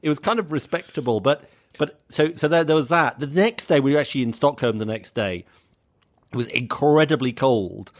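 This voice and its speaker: A man's voice: medium pitch, animated, brisk. British man telling stories on a podcast. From Britain. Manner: chatty anecdotal storytelling with laughs and restarts. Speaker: podcast co-host. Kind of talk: casual chat.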